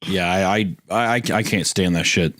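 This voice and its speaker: A man co-hosting a casual podcast, swearing freely and reacting loudly with laughs. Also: low-pitched, unhurried. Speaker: podcast co-host. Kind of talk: casual chat.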